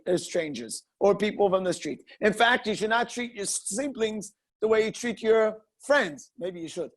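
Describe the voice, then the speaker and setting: A man, a rabbi, giving an informal walking Torah class to students, arguing his point by posing rhetorical questions and answering them, animated and full of restarts. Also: high-pitched.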